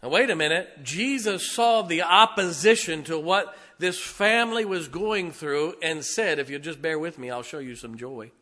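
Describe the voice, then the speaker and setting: Preacher man, middle-aged, bright voice, goes from hollering to real quiet. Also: on the high side, animated, moderate pace, hardly any pauses. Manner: preaching with sudden swings from loud to hushed. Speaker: pastor. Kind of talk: sermon.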